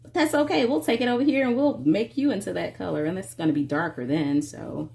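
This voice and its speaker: A woman's voice: mid-range voice, brisk, gravelly, a little mellow, husky. A woman hosting a casual coloring tutorial, chatting to her viewers while she works and stretching out her words.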